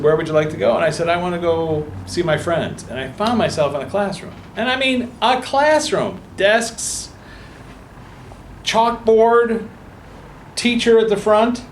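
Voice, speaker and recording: At a book talk in a meeting room, a man with a high voice tells the audience a personal story, acting out the voices of the people in it. The room is echoey with faint ambience, and there's a little hiss or hum.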